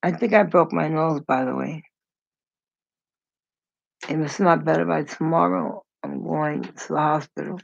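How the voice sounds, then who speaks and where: A woman rambles through her stories at an unhurried pace, her voice heavily gravelly with fry. She slips into the voices of the people she describes. The sound is dull and lo-fi, and dry with no room echo. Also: low voice, steady tone. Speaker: storyteller. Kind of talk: casual storytelling vlog. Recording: dull lo-fi recording.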